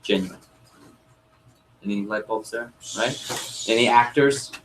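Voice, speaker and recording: A man with a mid-range voice runs a sales training session for a group, speaking slowly over a noisy background. He's animated, quizzing the audience and acting out lines he'd say to customers.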